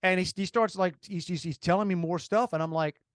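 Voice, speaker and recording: A man with a Cajun accent tells a long story on a podcast in a fairly high voice. He talks in an animated, rambling way, full of restarts. The sound is close and dry. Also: a little fast, dry recording. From Louisiana. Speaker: podcast co-host. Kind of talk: casual storytelling.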